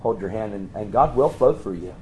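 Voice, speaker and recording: A man preaching, telling a story and acting out the voices of the people in it with sudden high jumps in pitch. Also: lively intonation, fairly quick, darkish tone, poor audio. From Pennsylvania. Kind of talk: storytelling sermon.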